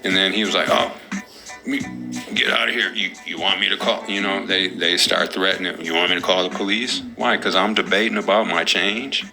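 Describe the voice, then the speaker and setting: A man's voice: sits low, steady tone, brisk, gravelly, over music. A man co-hosting a podcast, telling stories in loose casual talk full of slang and profanity. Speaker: podcast co-host.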